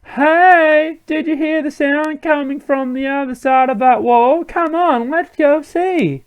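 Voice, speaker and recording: A man voicing an excitable young woman from a game, in a high squeaky put-on girl voice while reading game dialogue aloud. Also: slow. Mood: eager.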